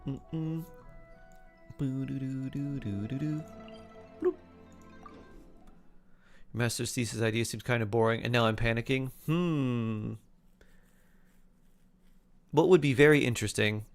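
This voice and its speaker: A game streamer with a mid-range voice talks at a measured pace, with vocal fry and long pauses. He keeps things casual and easygoing, humming and scatting to himself as he reads chat aloud, while faint music plays in the background.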